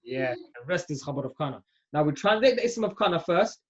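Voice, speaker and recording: Man teaching grammar, slightly higher voice, keeps asking "yeah?", dull lo-fi sound. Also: lively intonation, fairly quick. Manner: patient, checks understanding with "yeah?". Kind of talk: online class teaching. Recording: dull lo-fi audio.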